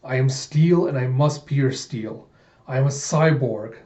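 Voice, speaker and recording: A man's voice: medium pitch, a little slow, mellow, reverberant, close to an everyday voice. A man voicing a resolute young cyborg girl. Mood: determined. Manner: intense, resolute inner monologue. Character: determined young female cyborg fighter.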